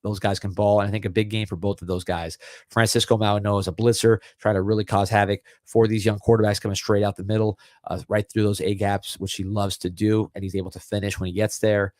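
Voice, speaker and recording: A man's voice: on the low side, fast, no room sound, clean studio sound. A middle-aged man hosting a live sports podcast. He chats casually and repeats words as he gathers his thoughts. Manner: relaxed, chatty, repeats words while thinking. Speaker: podcast host.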